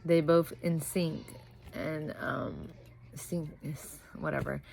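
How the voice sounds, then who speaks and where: Worn-out young mom, low voice. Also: female voice, fairly even intonation, slow, creaky, darkish tone, rough recording. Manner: rambling, scattered, self-correcting. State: exhausted from little sleep. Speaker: vlogger, mother of two. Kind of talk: casual vlog chat. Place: at home with a toddler nearby.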